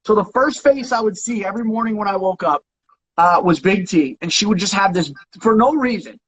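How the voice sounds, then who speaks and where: Husky-voiced teasing male host. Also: sits high, lively intonation, a little fast, rough recording. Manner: teasing, loud, playful. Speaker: aftershow host. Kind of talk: casual interview chat.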